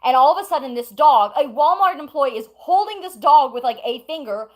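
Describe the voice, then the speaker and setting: A woman's voice: sits high, animated, fairly quick, poor audio. Woman streamer telling a long story. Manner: rambling, breaks off to talk to chat and pets. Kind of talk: casual storytelling to chat.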